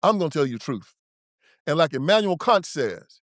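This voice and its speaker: A man's voice: on the high side, sing-song, normal speed, pauses often, no room sound, studio quality. A man hosting his own show, delivering an emphatic, preachy and confrontational political commentary monologue. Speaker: show host.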